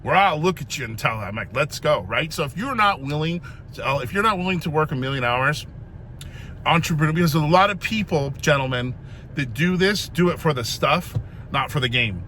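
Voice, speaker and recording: Animated, blunt man in his fifties. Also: a little high, fairly quick, a little hiss or hum. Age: 50s. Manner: rambling, emphatic, blunt, swears freely. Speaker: vlogger. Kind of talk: motivational talk to camera. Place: gym.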